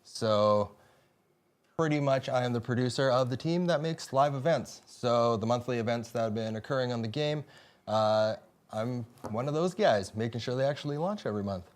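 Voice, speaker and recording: A man's voice: mid-range voice, moderate pace. A man who works as a live events producer, answering questions in a casual, easygoing way with many filler sounds. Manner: easygoing, filler-heavy explaining. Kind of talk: casual desk interview.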